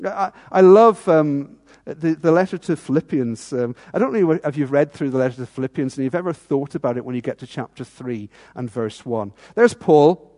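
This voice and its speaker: A man preaching a sermon in a church, earnest, asking rhetorical tag questions and dropping into hushed tones. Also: on the high side, animated, normal speed, big-room sound.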